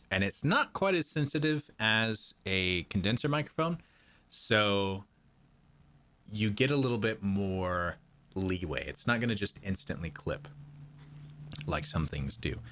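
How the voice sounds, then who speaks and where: Deep-voiced Midwestern man, lively pitch. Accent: Midwestern American. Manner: rambling, with frequent fillers and chuckles. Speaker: livestream host. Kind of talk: casual live-stream chat. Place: home project room. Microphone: dynamic or lavalier mic, close.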